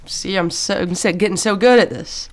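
A woman's voice: lowish voice, moderate pace. A woman co-hosting a radio show, playful and laughing often as she trades puns. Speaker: radio co-host. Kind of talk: casual radio chat.

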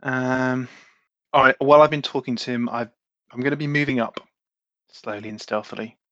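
A man playing a tabletop role-playing game who talks in a hesitant, halting way. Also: mid-range voice, fairly bright tone, no echo. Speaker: player. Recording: dull, dry, lo-fi mic.

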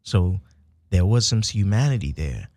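An American man from the south side of Chicago, a military veteran, telling stories in an animated way as an interview guest. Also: low-pitched, a little slow, no echo, studio quality. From United States (south side of Chicago). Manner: animated storyteller who swings from hushed to loud and laughing, says "y'all" and "baby". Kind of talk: casual storytelling conversation.

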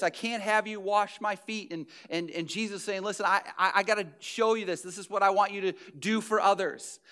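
A man's voice: high voice, a bit bright, clean tone. A man preaching a sermon, retelling scripture in an earnest, conversational way with frequent restarts and repeated words.

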